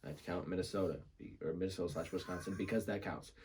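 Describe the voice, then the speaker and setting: A young man talking casually as a podcast guest, laughing often and slipping into quick impressions. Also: sits low, a little mellow, a little hiss or hum. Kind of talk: casual chat.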